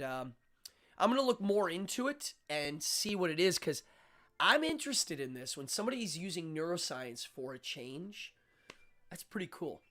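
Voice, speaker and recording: A man's voice: high voice, fairly bright tone. A man hosting a live-stream show, talking casually and rambling with frequent fillers and restarts.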